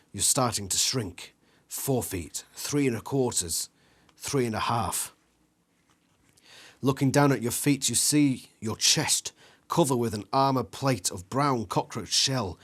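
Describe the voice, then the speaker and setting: Man reading an adventure book aloud. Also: mid-range voice. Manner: acts out sound effects and screams, some slips; breaks off to think aloud about choices. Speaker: channel host reading a gamebook aloud. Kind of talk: dramatic read-aloud of an interactive book.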